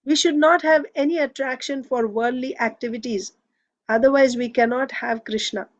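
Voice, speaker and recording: A woman reading a book aloud in a measured, steady way. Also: high-pitched. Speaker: reader.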